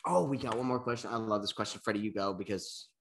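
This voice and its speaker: A man's voice: lowish voice, quick pace, creaky. Rambling young man co-hosting a podcast. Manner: rambling, gets emotional and chokes up. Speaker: podcast co-host. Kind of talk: casual chat.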